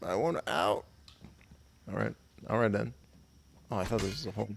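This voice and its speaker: A man's voice: fairly low pitch, level tone, fast talker, creaky, a little hiss or hum. A young man swearing and joking sarcastically as he plays a game on a live stream. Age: young adult.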